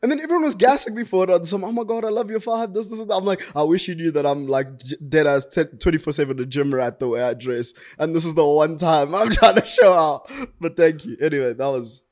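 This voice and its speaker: Young South African man, slightly higher pitch, animated casual storyteller, swears a lot. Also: fast, hardly any pauses. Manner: animated, slangy, swears freely, laughs through his story.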